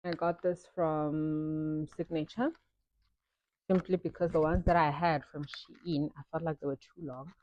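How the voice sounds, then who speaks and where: Low-voiced South African woman vlogging. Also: level tone, measured pace, a little mellow, lo-fi sound. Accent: South African English. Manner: chatty, mixing English with local language phrases. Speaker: vlogger and mother. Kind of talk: casual get-ready-with-me chat.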